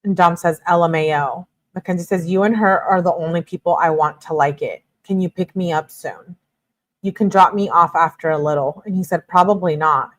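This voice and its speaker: A woman's voice: fairly low pitch, fairly quick. A woman hosting a true-crime commentary, reading text messages aloud in a plain delivery and breaking off now and then into exasperated asides.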